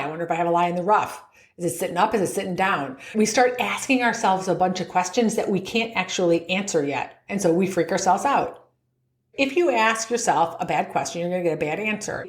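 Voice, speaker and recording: A woman's voice: lowish voice, quick pace, roomy sound. A middle-aged woman coaching golfers on their mental game in a podcast, upbeat, often laughing and acting out the thoughts in their heads. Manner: upbeat, laughs often, acts out inner voices.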